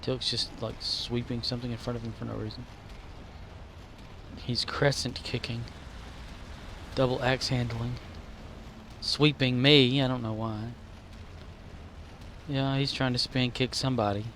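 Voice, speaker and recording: A man streaming a game, rambling to himself and now and then yelling at his squadmates. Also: medium pitch, level tone, unhurried, pauses often, a little hiss or hum. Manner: rambling, talks to himself, shouts at teammates. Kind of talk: casual gameplay commentary.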